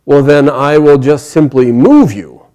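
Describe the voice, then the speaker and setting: A man doing a loud, proud warrior. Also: on the high side, measured pace, pitched above the performer's own voice, close to an everyday voice. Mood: demanding. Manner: blunt, demanding, loud.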